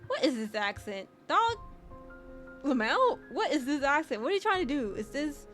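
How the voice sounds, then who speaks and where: Chatty woman streamer reading game text out loud, kinda high voice, music faint behind her. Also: sing-song, moderate pace. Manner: playful, chatty, reacts loudly. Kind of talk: casual gameplay commentary, reading game text aloud.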